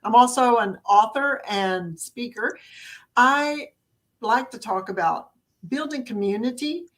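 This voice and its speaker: An older woman with a Southern American accent, chatting as a guest on a video-call podcast in a folksy, expressive way. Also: a little high, a little slow. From Southern United States. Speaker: guest, author and speaker. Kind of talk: casual podcast chat.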